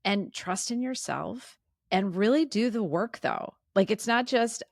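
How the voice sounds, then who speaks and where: A middle-aged woman chatting as a podcast guest, animated and acting out her own inner voice. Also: medium pitch, moderate pace, no room sound, clean studio sound. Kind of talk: casual interview chat.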